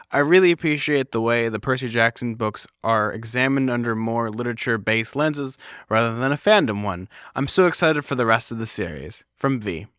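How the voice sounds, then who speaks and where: A man's voice: medium pitch, a bit bright, clear, resonant tone, no echo, studio quality. A man co-hosting a podcast in casual chat, talking loosely with lots of "like" fillers. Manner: filler-heavy, chatty with lots of "like". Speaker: podcast co-host.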